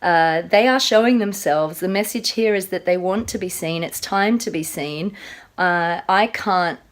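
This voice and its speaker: Earnest Australian woman, gently low voice. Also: a little slow. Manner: earnest, gentle, with fillers and restarts. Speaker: spiritual channeler. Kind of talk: casual spoken introduction to a video.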